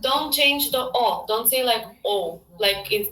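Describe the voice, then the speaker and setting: A woman with an Albanian accent teaches a language lesson, repeating each word patiently for her student to copy. Her voice is bright and fairly high. The room around her sounds echoey. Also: takes it slowly, few pauses, far from the mic.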